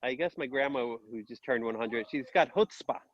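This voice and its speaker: A man's voice: mid-range voice, dry recording. Man, rambling friend, dull dry mic, casual chat. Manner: rambling, halting with fillers. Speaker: old friend. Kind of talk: casual reminiscing.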